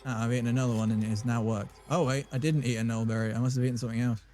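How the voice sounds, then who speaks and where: A man's voice: medium pitch, little pitch movement, racing, warm tone, faint music behind. A man from southern England with a southern English accent, streaming a game and telling rambling, jokey stories in casual chat.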